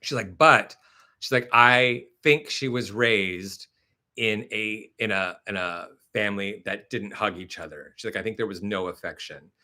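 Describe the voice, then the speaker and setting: A man hosting a casual live stream, telling animated stories full of "like" and fillers, and answering viewer comments. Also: lowish voice, measured pace. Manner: chatty, animated storytelling with many fillers.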